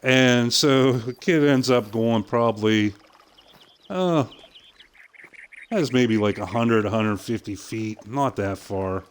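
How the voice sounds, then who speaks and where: An older man streaming a game, casually telling a long story with swearing and quick impressions of other people. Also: mid-range voice, clean tone. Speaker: gaming streamer. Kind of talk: casual storytelling while playing.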